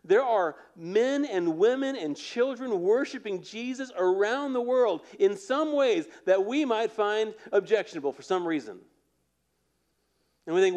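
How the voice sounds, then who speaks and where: A man preaching a conversational sermon as pastor, animated and often checking in with his listeners. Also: sits high, unhurried. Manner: animated, repeatedly asking "right?".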